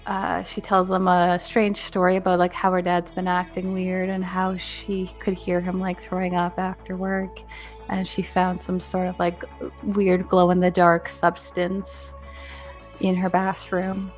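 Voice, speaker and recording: A woman runs a tabletop role-playing game and recaps the story so far. Her voice sits a little low, and she takes her time. She talks in an easygoing way, with lots of ums and likes. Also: unhurried, soft background music. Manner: relaxed recap full of fillers. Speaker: game master.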